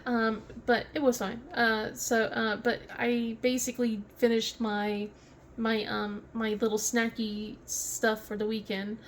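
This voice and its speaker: A woman's voice: fairly high pitch, little pitch movement, unhurried, slight background noise. A woman with a Southern American accent, chatting casually on a craft vlog, rambling with many fillers, restarts and frequent laughter. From southern West Virginia. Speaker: craft vlogger. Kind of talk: casual chat.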